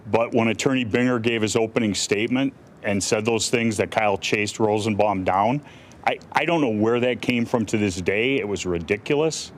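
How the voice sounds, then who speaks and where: A man's voice: medium pitch, fairly bright tone, slight background noise. A middle-aged male defense attorney answering reporters' questions bluntly, with many restarts and fillers. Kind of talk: press conference answers.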